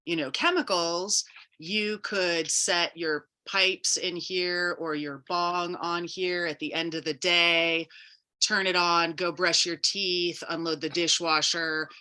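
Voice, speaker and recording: A woman entrepreneur, a podcast guest, calmly explaining how her invention works. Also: slow. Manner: clear, explanatory pitch of her product. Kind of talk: casual interview answer.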